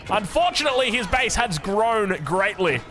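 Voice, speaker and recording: A man with an Australian accent casting a strategy video game, excitable and jokey, wandering into rambling asides between the play-by-play. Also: sits high, moderate pace. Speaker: game caster. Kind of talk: live strategy game commentary.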